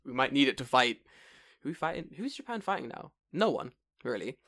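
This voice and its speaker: A man's voice: medium pitch, a little fast, creaky, dry recording. A man co-hosting a podcast in casual chat, joking, swearing freely and slipping into put-on voices. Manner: animated, swearing, jokey, puts on voices. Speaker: podcast co-host.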